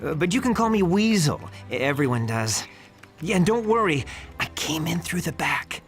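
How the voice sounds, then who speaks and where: A jittery male informant from a video game hedges and stumbles through his words. His voice sits a little high. He sounds shifty and eager to please. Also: big pitch swings, moderate pace, soft background music. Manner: hesitant, filler-heavy, shifty.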